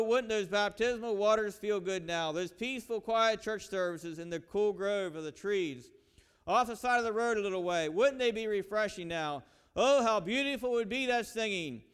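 A man's voice: high voice, a bit bright, clean tone. A male preacher delivering a sermon with dramatic storytelling and lament, in a church sanctuary. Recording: reverberant hall.

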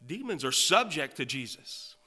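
A man preaching a sermon, quoting scripture and swelling from quiet remarks to loud, emphatic declarations. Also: fairly high pitch, very animated, unhurried. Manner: reads and quotes scripture in old-fashioned wording.

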